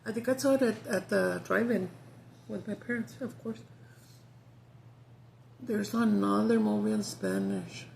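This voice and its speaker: A woman's voice: medium pitch, steady tone, a little slow, gravelly, pauses often, a little mellow, slight background noise. A woman chatting casually as a vlogger, talkative, swearing freely and laughing often. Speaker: mukbang vlogger. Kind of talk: casual chat.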